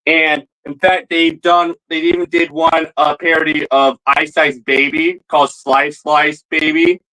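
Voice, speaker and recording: A man's voice: fairly high pitch, level tone, unhurried, bright, forceful tone, rough recording. A man talking to camera in a rambling comedy vlog, stammering and repeating words as he goes.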